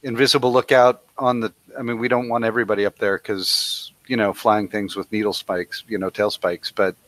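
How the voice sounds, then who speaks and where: A man's voice: lowish voice, little pitch movement, fairly quick, fairly bright tone, no echo. A man playing a tabletop game, laying out a plan in a direct, tactical way. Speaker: player.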